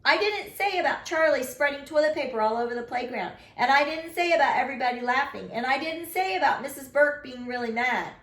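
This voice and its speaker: A woman's voice: lively intonation, brisk, hardly any pauses, a bit bright. A woman doing a squealing little girl. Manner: squealing, high and insistent. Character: excitable little girl, blurting secrets. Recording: roomy echo.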